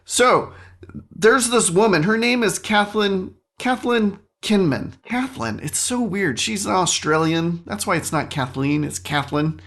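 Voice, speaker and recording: A man hosting a solo podcast, telling a story in an animated, self-mocking way into a studio microphone. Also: sits high, a little slow. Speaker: podcast host.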